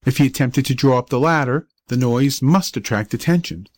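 A man reading a story aloud as an audiobook narrator, in a measured storytelling manner. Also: mid-range voice, a little mellow, no room sound. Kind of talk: scripted narration.

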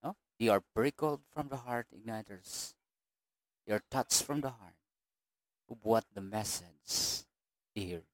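A man hosting a church service, exhorting the congregation in a halting way with many fillers and a repeated "no?". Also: lowish voice, dry recording. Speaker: worship service host.

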